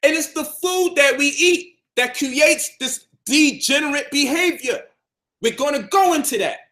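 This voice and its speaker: A man talks straight to camera in a preachy, combative monologue. His voice sits high and carries a bright, forceful edge. He hammers his points home and repeats them for stress. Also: expressive, measured pace. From Brownsville, Brooklyn, New York. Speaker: health and conscious-community speaker.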